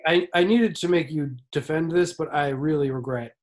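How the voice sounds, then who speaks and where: A man's voice: a little high, normal speed, a little mellow. A man co-hosting a podcast in casual chat, dry and teasing. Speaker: podcast co-host.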